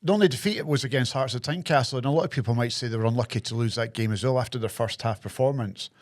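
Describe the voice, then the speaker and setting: A man's voice: mid-range voice, rapid-fire. Rambling Scottish man talking football. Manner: rambling, analytical, repeats words. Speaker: podcast co-host. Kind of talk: casual football chat.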